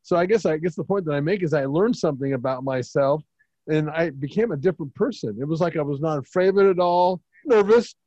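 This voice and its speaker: A man's voice: on the high side, fast, dark tone, dry recording, highs cut off. A man hosting an interview, asking questions in a conversational, encouraging manner. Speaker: host, interviewer. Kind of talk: casual interview chat.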